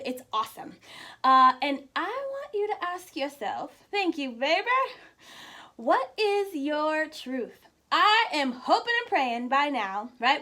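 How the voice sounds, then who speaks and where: A woman with a high-pitched, slightly bright voice hosts a weekly live show, a casual and inspirational stream. She is chatty, laughs often, and talks directly to her viewers, calling out their names.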